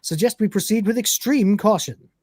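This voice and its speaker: A man's voice: sits high, moderate pace, darkish tone, no room sound, clean studio sound, pitched above the performer's own voice. A man voicing an earnest, formal male android, reading stiffly.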